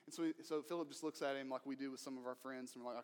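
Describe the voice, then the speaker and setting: A male pastor preaching a sermon in an earnest way, moving between emphatic lines and hushed ones. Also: medium pitch, steady tone, quick pace, few pauses, big-room sound.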